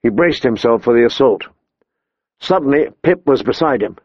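Man, audiobook narration, measured, gravelly voice, dry close sound. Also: mid-range voice, expressive, no echo, lo-fi sound.

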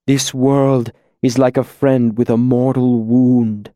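Male reader doing a fallen hero crushed by grief: heavy, weary, desperate; slow delivery. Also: medium pitch, little pitch movement, dry recording, studio quality, natural voice. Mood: resigned. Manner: weary and heavy, rising to anguished shouts. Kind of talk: audiobook character voice.

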